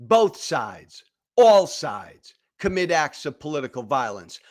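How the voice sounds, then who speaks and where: A man's voice: mid-range voice, sing-song, measured pace. A middle-aged man hosting a political commentary show, speaking emphatically, with repeated phrases and stammered restarts. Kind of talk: direct-to-camera political commentary.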